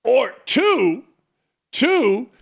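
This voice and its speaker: A man's voice: very high-pitched, sing-song, very slow, creaky. A middle-aged man hosting a sports talk show, ranting in an opinionated monologue, mocking himself and hammering rhetorical questions.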